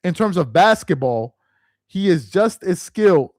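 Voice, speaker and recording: A man hosting a sports talk live stream in a laid-back, rambling way, peppering his talk with "man" and "bro". His voice sits a bit high for a man. The sound is dry and close, with no room echo. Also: big pitch swings, a little slow, a little mellow. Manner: loose and rambling, with restarts.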